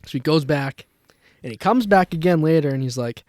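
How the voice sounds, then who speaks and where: A young podcast co-host, his voice on the higher side and fairly quick, animatedly relates a story and performs the voices of its characters, swearing casually along the way. The audio is clean studio quality without room sound.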